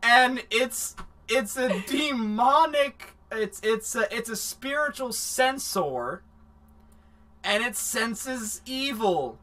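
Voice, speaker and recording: A man hosting a livestream anime review, recapping the plot in a rambling, profane, animated way. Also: very high-pitched, slow pace.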